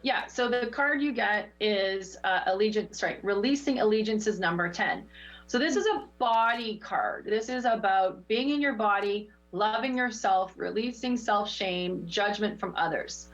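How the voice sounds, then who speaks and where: A woman hosting a show as a spiritual teacher, leading a guided meditation with slow repeated affirmations and giving card readings. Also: medium pitch, muffled recording. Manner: soothing, repetitive affirmations.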